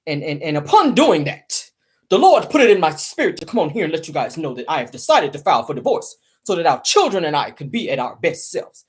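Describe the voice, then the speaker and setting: A woman's voice: low-pitched, sing-song, brisk, breathy edge, exaggerated voice. Woman mocking a pious-sounding man. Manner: mock-solemn, preachy. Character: pious-sounding man announcing his divorce.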